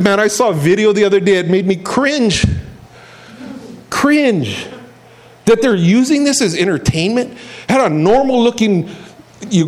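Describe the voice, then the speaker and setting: Animated high-voiced male preacher. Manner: animated, storytelling, emphatic. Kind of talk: sermon.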